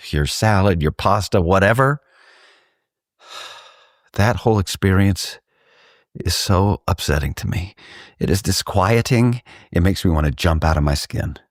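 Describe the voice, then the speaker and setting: A man from Texas co-hosting a podcast, telling rambling, animated stories in casual chat. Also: deep voice, no echo, clean studio sound. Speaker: podcast co-host.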